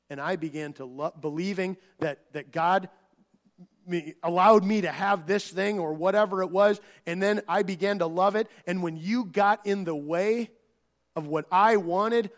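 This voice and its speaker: A man preaching a sermon, earnest, swinging between loud emphatic phrases and hushed low ones. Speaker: pastor.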